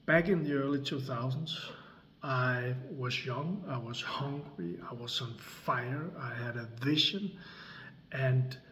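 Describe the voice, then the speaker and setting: A man, telling a personal story slowly and deliberately, with long pauses between phrases. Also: medium pitch, a bit bright. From Denmark. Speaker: creator and coach. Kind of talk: slow dramatic storytelling.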